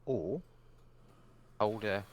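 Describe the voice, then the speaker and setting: A man's voice: on the low side, very slow, darkish tone, a little hiss or hum. A man playing a tabletop game, asking hesitant questions and correcting himself as he goes. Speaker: player. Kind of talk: casual tabletop play.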